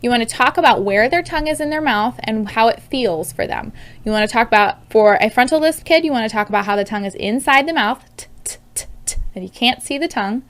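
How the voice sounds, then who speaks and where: A woman in her thirties talks fast in a slightly high, expressive voice. In this instructional video she teaches parents, upbeat and demonstrative, how to help children with speech sounds.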